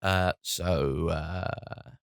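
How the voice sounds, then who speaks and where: A man's voice: sits low, steady tone, drawn-out words, gravelly, no echo, studio quality. A tired man in his thirties hosting a solo comedy podcast, rambling with many restarts and casual swearing. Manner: swears casually, wry and self-mocking. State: tired from lack of sleep.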